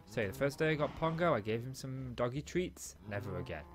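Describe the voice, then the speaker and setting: A man's voice: medium pitch, lively intonation, fairly quick. A man in a small home office, chatting casually and rambling with self-mocking asides while he plays and comments on a game. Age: adult, father of a school-age daughter. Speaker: let's play host.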